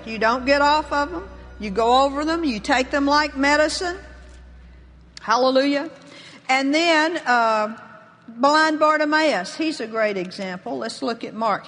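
A woman's voice: on the high side, a bit bright. A woman preaching a sermon, reading scripture aloud and rising into bold, emphatic proclamation. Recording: long reverb of a large hall.

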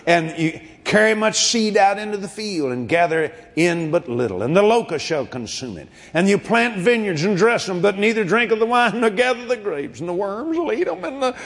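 A man preaching a fervent sermon, shouting and laughing as he goes. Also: sits high, sing-song, moderate pace, creaky, few pauses. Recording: reverberant hall with a crowd.

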